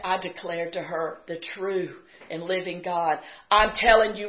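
A woman preaching a sermon, telling a personal story in a conversational way and building to fervent, shouted exhortation. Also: on the low side. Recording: roomy, slightly muffled recording.

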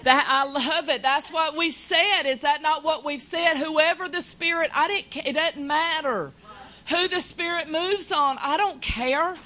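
A woman hosts a faith talk show, speaking fervently in a high, bright voice. She keeps breaking into exclamations and repeating her praise. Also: measured pace, a little hiss or hum. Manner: fervent, exclamatory, affirms with hallelujahs.

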